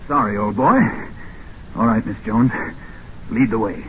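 An actor playing a confident, gallant adventurer who talks in a breezy, wisecracking way. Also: male voice, lowish voice, a little slow, lightly acted. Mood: wry. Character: cocky, gallant American adventurer, male. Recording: muffled old film soundtrack, faint hiss.

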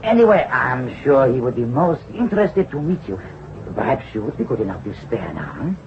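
An actor playing a polite, insinuating associate of a financier in a vintage radio drama, formal and smooth. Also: male voice, medium pitch, sing-song, brisk, noisy background. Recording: dull old radio drama recording.

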